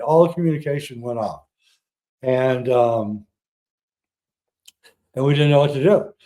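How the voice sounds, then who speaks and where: Mellow-voiced man telling a story. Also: a little high. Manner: animated, acts out dialogue. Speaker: filmmaker guest. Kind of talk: personal storytelling.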